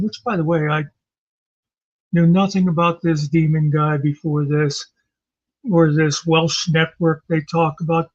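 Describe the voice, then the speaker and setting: A man's voice: fairly high pitch, lo-fi sound. A man hosting his own commentary channel, recounting an online argument in a rambling, sarcastic, off-camera chat with some profanity. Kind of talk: casual recap commentary. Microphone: home mic, off camera.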